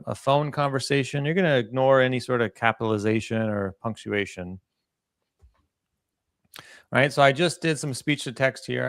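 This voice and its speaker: A man hosting a live software demo in a relaxed, chatty way, with plenty of fillers. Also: medium pitch, clear, resonant tone, dry recording, clean studio sound. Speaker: host presenting a product demo. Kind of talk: casual live demo talk.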